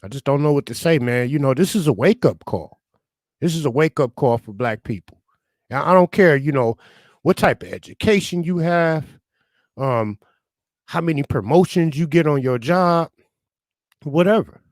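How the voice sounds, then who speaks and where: Speaking into a studio microphone as a talk radio panelist, a man offers passionate political commentary sprinkled with "you know" and "man." His voice is fairly high and animated, at a normal speed, with no echo.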